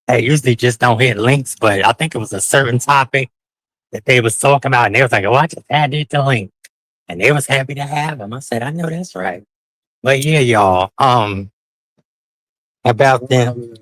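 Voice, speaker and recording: A man's voice: medium pitch, a bit bright, dry recording, low-quality recording. A man hosting a casual live stream while walking city streets at night, flamboyant and profane, calling his viewers honey with sing-song outbursts.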